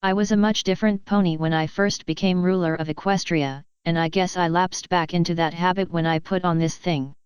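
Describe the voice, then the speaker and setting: A woman's voice: on the low side, steady tone, fairly quick, few pauses, clear, resonant tone, no room sound, highs cut off, lightly acted. A woman voicing an ancient pony princess, a former warrior turned mentor, who speaks in a formal, commanding way. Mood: gentle.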